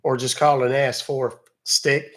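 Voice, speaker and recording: A man's voice: mid-range voice, level tone, unhurried, background noise. A man from West Virginia hosting a livestream, chatting with viewers in a joking, casual way. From West Virginia, USA. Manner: joking, chatty, talks to his chat. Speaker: scam-baiting livestream host.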